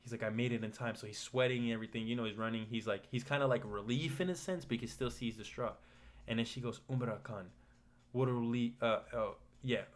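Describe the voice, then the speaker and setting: A man's voice: mid-range voice, brisk. A man casually recapping manga chapters, rambling with restarts and loose paraphrase. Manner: rambling, restarts, paraphrases characters in a flat retelling. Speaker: manga commentator.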